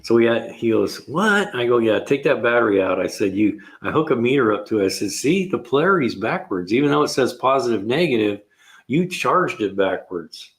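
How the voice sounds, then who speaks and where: A man's voice: mid-range voice, expressive, brisk. An older man, a retired mechanic hosting a car repair show, telling rambling shop stories in a casual way, chuckling and acting out his own lines.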